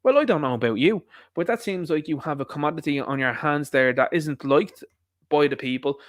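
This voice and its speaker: A man's voice: on the high side, lively intonation, brisk, no room sound, studio quality. A man with an Irish accent giving a blunt, combative video commentary, scornful and repeating his points for emphasis. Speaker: online commentator.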